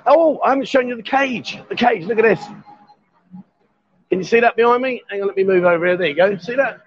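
Man, high voice, jokey live-stream host in a bar, dull lo-fi sound. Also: a little fast, no echo. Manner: jovial, teasing banter. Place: bar, indoors.

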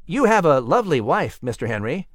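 A man voicing a shy, bookish young gentleman in a storybook reading, stiff and reserved. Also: fairly high pitch, sing-song, brisk, no echo, clean studio sound.

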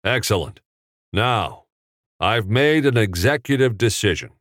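A man playing a decisive male film director who speaks in a brisk, commanding way. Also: fairly low pitch, lively intonation, a bit bright, no echo, clean studio sound, pitched above the performer's own voice. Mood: businesslike.

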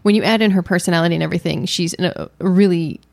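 A woman's voice: lowish voice, very fast, creaky, no room sound. A woman co-hosting a podcast, chatting casually and playfully about a film she enjoyed. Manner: playful, enthusiastic, jokes around. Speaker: podcast co-host. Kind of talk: casual movie review chat.

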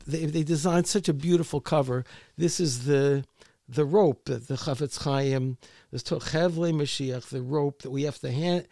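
A man, an author being interviewed, telling his story in a halting way with many repeated words. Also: mid-range voice, creaky, mellow, no room sound, clean studio sound. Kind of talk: conversational interview.

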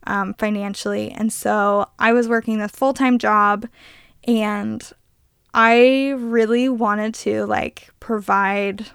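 Twenties woman on a podcast, chatty, bit of vocal fry, smooth dry sound. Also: medium pitch, no room sound. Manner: chatty storyteller, many "like" fillers. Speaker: podcast co-host. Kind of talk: casual chat.

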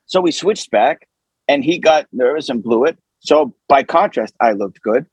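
A man, an actor, telling an anecdote in an animated, conversational way with lots of fillers. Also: a little high, measured pace, pauses often, breathy edge, no room sound, muffled recording. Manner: animated, with many fillers and acted quotes.

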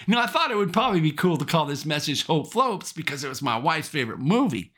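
A man preaching a sermon, emphatic and animated, repeating rallying phrases with the odd chuckle. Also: fairly high pitch, moderate pace, hardly any pauses. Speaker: pastor.

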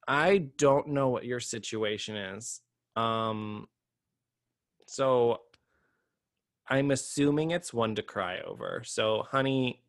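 A man's voice: medium pitch, slow, no room sound, studio quality. A man co-hosting a casual podcast chat, campy and playful, calling listeners honey. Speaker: podcast co-host.

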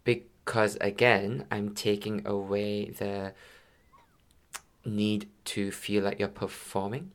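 A man with a gravelly, fry-laced voice sitting a little low in pitch. He speaks as a yoga teacher in a podcast chat, musing slowly and reaching for his words. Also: level tone. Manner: musing, searching, peppered with "you know". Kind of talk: reflective podcast conversation.

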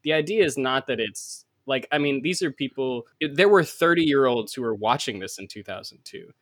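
A man's voice: medium pitch, expressive, moderate pace, fairly bright tone, no echo. A man co-hosting a podcast in casual chat, sarcastic and swearing as he argues his points. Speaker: podcast co-host.

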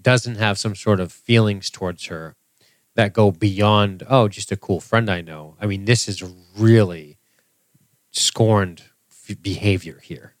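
Man, podcast co-host, low voice, dry close sound, blunt, wry, profane. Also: slow, no echo. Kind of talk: casual chat.

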